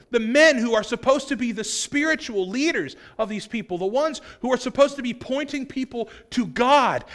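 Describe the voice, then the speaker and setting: A male pastor preaching a sermon, acting out quoted voices and swinging from loud outbursts to hushed lines. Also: high-pitched.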